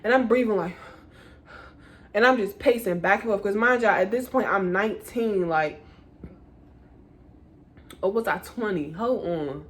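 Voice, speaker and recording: A woman's voice: medium pitch, measured pace, pauses often. A woman in her twenties telling a casual storytime to her viewers, acting out her own panic in quotes and calling them y'all. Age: 20s. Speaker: vlogger. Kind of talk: storytime vlog.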